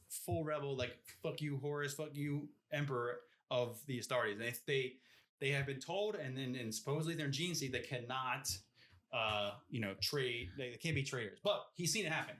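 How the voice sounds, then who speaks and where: A man talks through a book on a casual podcast, his voice bright and forceful. He rambles and restarts, throwing in "you know what I mean?" as he goes. His pitch sits in a middle range for a man. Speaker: podcast co-host. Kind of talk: casual book discussion chat.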